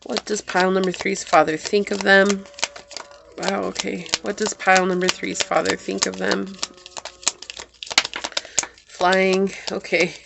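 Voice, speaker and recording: A woman's voice: mid-range voice, little pitch movement, measured pace, creaky, long pauses, noisy background. A woman giving a pick-a-card tarot reading, talking earnestly and thinking aloud as she pulls cards. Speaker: tarot reader.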